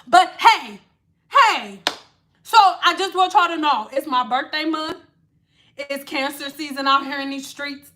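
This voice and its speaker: A high, bright-voiced woman, chatting on a livestream. She slips in and out of sing-song phrasing, then drops to soft murmurs as she reads out comments. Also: a little slow. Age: 30s. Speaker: livestream host. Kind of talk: casual livestream chat reading comments.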